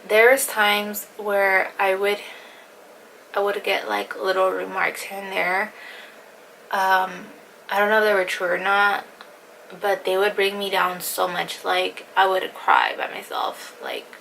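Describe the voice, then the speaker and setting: A woman's voice: medium pitch, little pitch movement, a little slow, gravelly, pushed and bright, a little hiss or hum, rough recording. A young woman vlogger telling a personal story in casual chat, often saying "like" and sometimes dropping to a whisper. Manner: fillers "like", acts out quotes, drops to a whisper at times.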